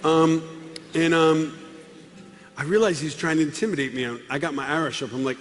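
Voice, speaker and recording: A man's voice: a little high, moderate pace. A man, a Catholic musician and speaker, giving a comedic personal testimony, acting out scenes as he tells them. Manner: animated storyteller, acting out scenes. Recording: long hall reverb with music.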